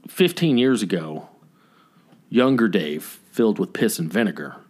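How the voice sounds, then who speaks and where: Man telling an animated story. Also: on the low side, a little slow, breathy edge. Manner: animated storyteller acting out quotes. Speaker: podcast co-host. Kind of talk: casual chat.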